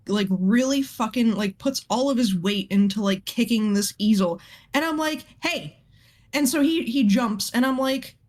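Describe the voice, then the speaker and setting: A woman's voice: a little high, darkish tone. A woman, an art teacher, casually telling a story to friends, chatty and swearing freely with lots of fillers.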